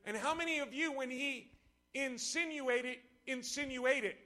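A man preaching a sermon in church, impassioned and playful with the congregation, swinging from shouts to hushed lows. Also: unhurried. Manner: impassioned, rising to shouts, then dropping low. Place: church service before a congregation.

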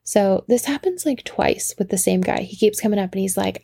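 A woman tells a casual story in a gravelly, mellow voice, animated and quick to laugh. She swears freely as she addresses her listeners. The sound is close and dry. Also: medium pitch, no echo.

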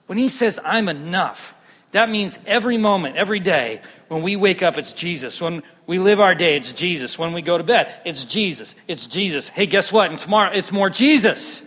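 A pastor with a high voice preaches at normal speed in a large church hall, breathless and animated as he swings between loud bursts and hushed lines. His words trail off into a long, ringing reverb.

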